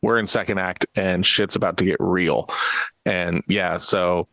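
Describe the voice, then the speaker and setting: A man's voice: deep voice, steady tone, a little slow, vocal fry, fairly bright tone, dry recording, rough recording. A man co-hosting a podcast, reading a short plot summary and chatting casually about a movie in a laid-back way. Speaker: podcast co-host.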